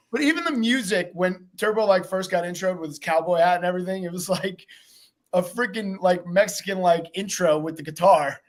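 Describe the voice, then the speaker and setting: A man hosting a casual podcast chat, talking in an animated, profane way and acting out quotes. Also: sits high, normal speed. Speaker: podcast host.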